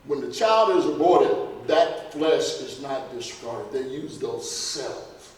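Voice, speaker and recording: A man's voice: mid-range voice, animated, slow pace, a little mellow. Man lecturing in an echoey hall. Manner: rhetorical questions, folksy and emphatic. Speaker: health lecturer. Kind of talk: lecture to a church audience. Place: church hall. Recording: echoey hall recorded from far off.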